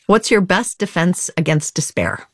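A woman hosting an interview, asking measured, attentive questions. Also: on the low side, sing-song, a bit bright. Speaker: host. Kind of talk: interview host.

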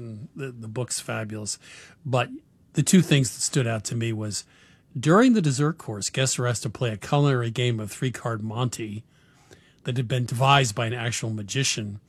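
An older male radio host with an easy, chatty manner who laughs often. His voice sits at a middle pitch. The sound is dry and close, with no room echo. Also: normal speed, husky. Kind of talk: radio interview and call-in.

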